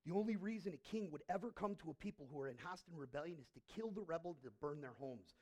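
A man preaches to his church congregation, storytelling with dramatic flair as he alternates forceful loud bursts with quiet, hushed sections. His pitch is a little high, his intonation lively, and his pace quick.

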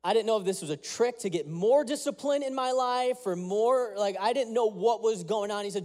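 A man's voice: high voice, moderate pace, hardly any pauses, darkish tone. A man, a pastor, preaching a sermon with earnest prayer and storytelling.

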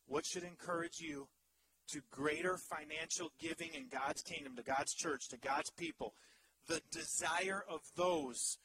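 A male pastor in his thirties preaching a sermon in an animated, humorous way, swinging from loud to hushed. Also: on the high side, moderate pace, creaky, background noise.

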